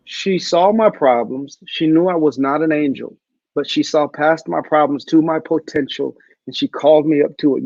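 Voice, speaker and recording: A man speaking as a guest in a video call interview, an animated storyteller who acts out the voices he quotes. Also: a little high, normal speed, vocal fry, no room sound, highs cut off.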